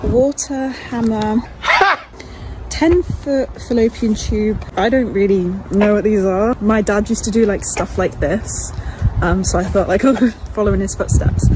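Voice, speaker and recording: A woman's voice: medium pitch, unhurried, noisy background. A young woman telling a story in a casual, rambling vlog, talking from a car and filling her speech with "like". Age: young adult. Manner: rambling, many "like" fillers.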